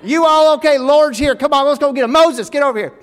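Man putting on a hollering country rescuer. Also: quick pace. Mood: hollering urgently. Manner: booming, excited hollering. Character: loud, hearty Southern country man rescuing a driver. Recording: reverberant hall.

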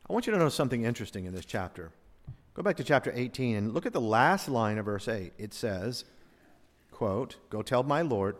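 A man preaching a sermon as pastor, dropping to a hush and then rising to a boom. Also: big-room sound. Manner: preacherly, swings from hushed to booming.

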